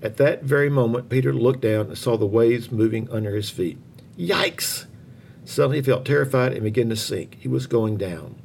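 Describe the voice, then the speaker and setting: Man, storyteller, gravelly voice, expressive, children's Bible story, faint rumble. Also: brisk, few pauses.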